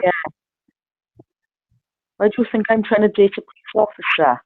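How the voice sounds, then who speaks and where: A woman's voice: mid-range voice, moderate pace, gravelly, dry recording. Blunt, foul-mouthed woman gossiping over a dull speakerphone line. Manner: blunt, swears freely, laughs often. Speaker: caller on speakerphone. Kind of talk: casual phone chat. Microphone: phone on speakerphone.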